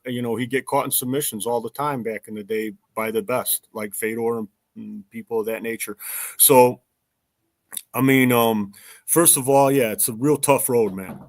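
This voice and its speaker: A man's voice: mid-range voice, dry recording. A man hosting a casual sports chat, rambling and correcting himself as he talks. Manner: rambling, self-correcting, chatty. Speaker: podcast host.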